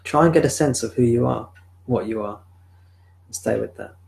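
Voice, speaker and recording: A man leading a live spiritual talk, guiding a listener with gentle, repeated questions. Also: mid-range voice, moderate pace, creaky. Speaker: spiritual teacher. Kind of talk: live satsang guidance. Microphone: video call or webcam.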